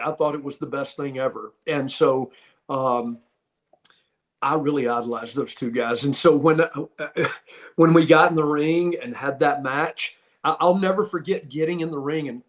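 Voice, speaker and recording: A middle-aged man hosting a podcast, telling wrestling stories in a casual, rambling way with many restarts. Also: mid-range voice. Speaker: podcast host, former pro wrestler. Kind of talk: casual storytelling.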